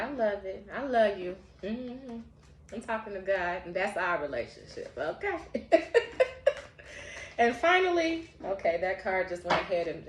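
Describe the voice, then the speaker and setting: Slow, lively-voiced woman reading tarot. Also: medium pitch, reverberant, a little hiss or hum. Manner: heartfelt and encouraging, often laughing. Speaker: tarot reader. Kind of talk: casual spiritual tarot reading.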